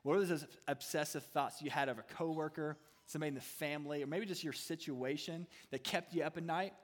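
Guy pastor giving a sermon, kinda high voice, cracks jokes, big echoey hall. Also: fairly quick. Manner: humorous, playful asides. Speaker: student ministry pastor. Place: church hall. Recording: reverberant hall.

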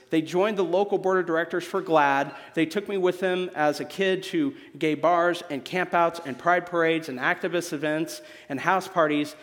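A young adult man from Missouri preaching a sermon as a guest speaker, animated and joking with the congregation. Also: a little high, big-room sound. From Missouri, USA. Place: church sanctuary.

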